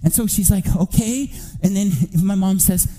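Male preacher, high voice, very bright edge, animated storyteller, builds to near-shouting. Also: brisk, soft background music, rough recording. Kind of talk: sermon testimony.

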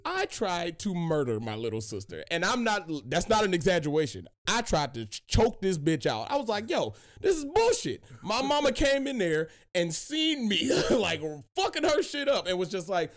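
A young man hosts a casual podcast chat, his voice swinging widely and sitting a little high as he tells profane stories. He talks loosely and animatedly, full of slang. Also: big pitch swings, moderate pace, few pauses. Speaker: podcast host.

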